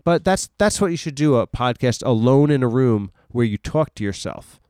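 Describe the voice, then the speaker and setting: A man's voice: mid-range voice, animated, moderate pace, darkish tone, clean tone, no echo, clean studio sound. A man hosting a podcast alone in a room, talking in a rambling, self-mocking way with lots of filler words. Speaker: solo podcast host. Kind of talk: rambling casual monologue.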